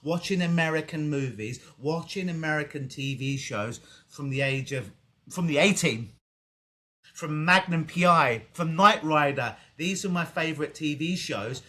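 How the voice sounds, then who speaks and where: A man's voice: on the high side, unhurried, sharp tone. A man with an English accent, a clinical hypnotist talking casually in an interview over a video call, vivid and joking, with the odd swear word. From England.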